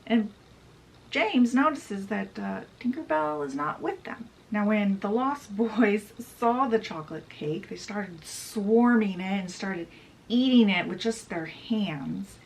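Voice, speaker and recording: A woman's voice: mid-range voice, lively intonation, slow pace, a little hiss or hum, poor audio. A woman hosting a book channel, summarizing a novel in a chatty retelling style full of casual asides.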